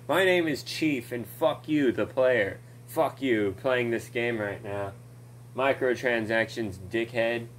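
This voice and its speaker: A bitter, war-weary armored super-soldier grumbles through a crude parody, as a man puts him on. He speaks in slow, mocking lines and curses freely. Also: mid-range voice, slight background noise, natural voice. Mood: mocking snarl.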